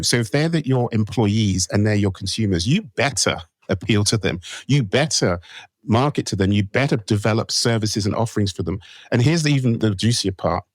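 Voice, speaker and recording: A man's voice: on the low side, no room sound, studio quality. A man with a British accent, a podcast guest speaking emphatically and animatedly in an interview. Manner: animated, emphatic, laughs while making points. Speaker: guest, marketing company co-founder.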